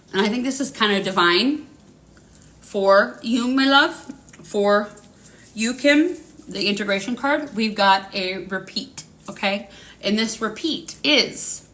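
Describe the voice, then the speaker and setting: A woman's voice: medium pitch, fairly bright tone. A woman hosting a live spiritual reading, rambling and swearing casually with lots of fillers. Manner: rambling, profane, full of fillers.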